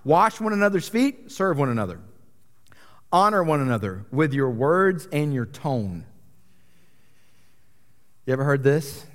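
High-voiced pastor joking from the pulpit. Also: male voice, very animated, measured pace, pauses often. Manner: joking, self-deprecating, chatty. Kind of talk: conversational sermon. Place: church sanctuary. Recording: long reverb of a large church hall.

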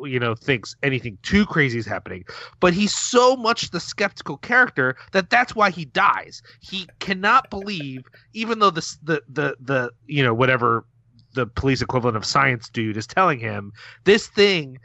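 A man co-hosting a casual podcast, animated and jokey, swearing freely. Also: mid-range voice, moderate pace, creaky, no echo. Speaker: podcast co-host.

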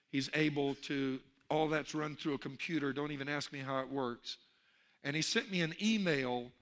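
A man preaching a sermon as pastor, telling jokes with animated energy and calling out for amens. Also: medium pitch. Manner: animated storyteller, calls for amen.

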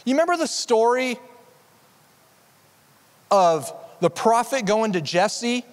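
High-voiced preaching man in a hall. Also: lively intonation, slow. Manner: earnest, conversational preaching with frequent restarts. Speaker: pastor. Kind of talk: sermon. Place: church sanctuary.

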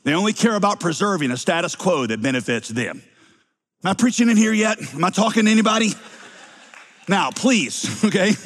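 A middle-aged male pastor with a slight Southern accent preaches a sermon, making wry, teasing asides to the congregation. His voice is a little high and fairly bright, with a long reverb tail.

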